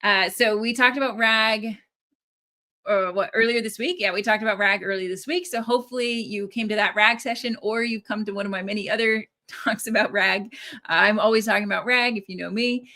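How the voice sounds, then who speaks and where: Upbeat woman in her thirties, live coding teacher, crisp clear voice, keeps checking in with "right?". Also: medium pitch, a little fast, pushed and bright. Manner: chatty, upbeat, often tags "right?". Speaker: developer advocate teaching a live stream.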